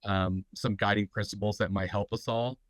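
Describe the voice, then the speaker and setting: A man with a fairly low, stuffy, congested voice, hosting a live online business talk. He rambles through his points, leaning on fillers and restarting his sentences. The recording is dry and close. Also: steady tone, normal speed, no room sound, rough recording. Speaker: host of a tattoo business talk.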